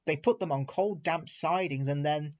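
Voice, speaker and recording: A man doing a squeaky anxious little engine. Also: normal speed, natural voice. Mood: worried. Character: small fretful green tank engine boy. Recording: muffled recording with soft music.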